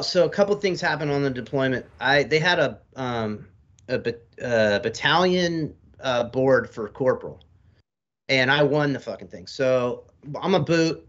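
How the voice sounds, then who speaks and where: On slightly dull lo-fi audio, an American man in his forties, a military veteran appearing as a podcast guest, rambles through long stories in a relaxed, profane way. His voice is mid-range and a bit bright, suited to this casual storytelling interview.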